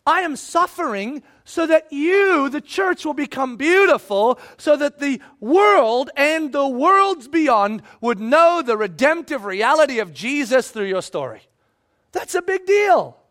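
Man preaching, very high voice, emphatic, hushed to shouting. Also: sing-song, measured pace, hardly any pauses. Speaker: pastor. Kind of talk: sermon.

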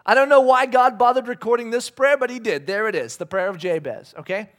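A man's voice: very high voice, a little fast, fairly bright tone. A man preaching a casual sermon to a congregation, joking, laughing and acting out voices as he reads scripture. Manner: conversational and joking, laughs often, acts out voices.

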